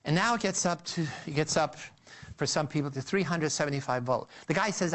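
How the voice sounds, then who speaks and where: Guy lecturing on psychology, kinda high voice, storytelling style, lots of uhs and restarts. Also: a little fast. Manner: animated storytelling, addresses listeners as "you"; frequent restarts and filler "uh".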